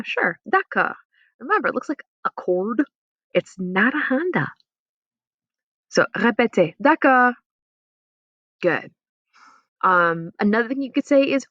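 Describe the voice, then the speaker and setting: A chatty woman gives a relaxed online French class and slows down for example phrases for students to repeat. Her voice sits in a middle range and is close and dry, with no room sound. The recording is slightly muffled and lo-fi. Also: mid-range voice, no echo. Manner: chatty, models French phrases slowly for repetition. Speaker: French teacher. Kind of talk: casual online class lesson.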